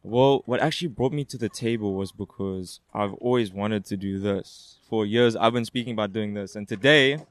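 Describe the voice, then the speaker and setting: A man's voice: fairly low pitch, normal speed, few pauses, no echo. A man chatting as a guest at an outdoor interview, rambling and slangy, holding a handheld mic. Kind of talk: casual chat. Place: outdoors at a skate park. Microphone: handheld microphone.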